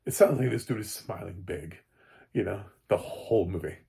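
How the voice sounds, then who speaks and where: A man giving a casual, rambling spoken film review, often restarting and jumping up in pitch when animated. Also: moderate pace, vocal fry, husky.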